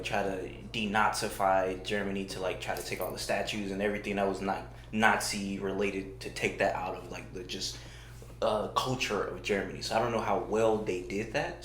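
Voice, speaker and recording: A man's voice: deep voice, a bit bright, a little hiss or hum. A man hosting a casual podcast chat, joking and asking questions. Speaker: podcast host. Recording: echoey room.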